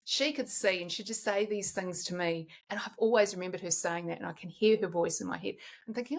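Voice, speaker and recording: A woman's voice: mid-range voice, a little fast, vocal fry, hardly any pauses. A woman in her forties, a guest in a candid podcast conversation, talks in a reflective way and often restarts while she searches for words.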